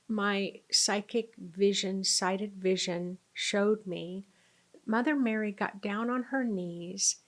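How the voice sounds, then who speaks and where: Woman, healer, storytelling, animated delivery, medium pitch, occasional hushed whispers. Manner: animated, acts out quotes, drops to near whispers. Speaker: spiritual healer and former nurse. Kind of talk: storytelling to camera.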